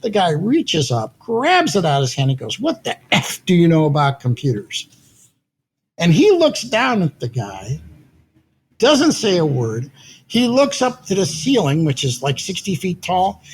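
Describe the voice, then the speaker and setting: An older man, a guest in an interview, telling animated stories with a slightly husky voice, acting out quotes and laughing often. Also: fairly high pitch, a little hiss or hum. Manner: lively anecdotes, acts out quotes, laughs often. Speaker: guest, audio company founder. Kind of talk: animated storytelling in conversation.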